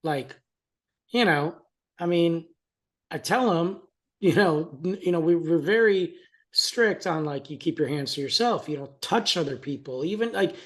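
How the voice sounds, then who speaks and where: A man's voice: a little high, lively intonation, a little slow, a bit bright. A man co-hosting a podcast in casual chat, telling a family story animatedly and laughing often. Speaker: podcast co-host.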